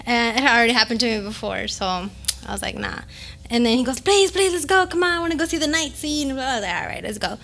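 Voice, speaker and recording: A young woman chats on a podcast with a high, bright voice. She spins an embarrassing story with animated energy, laughing and swearing along the way. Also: quick pace, vocal fry. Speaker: podcast co-host. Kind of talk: casual chat, storytelling.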